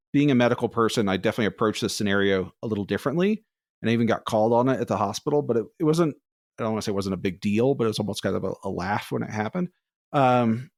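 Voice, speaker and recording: A man co-hosting a podcast, telling long, rambling personal stories in a casual, animated way. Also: medium pitch, no room sound, studio quality. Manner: rambling, animated, acts out quoted voices. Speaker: podcast co-host. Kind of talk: casual storytelling.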